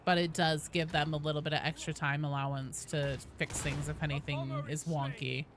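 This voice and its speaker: A young woman streaming a game, chatting casually and greeting viewers with bursts of excitement. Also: sits low, normal speed, background noise. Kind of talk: casual gaming stream chat.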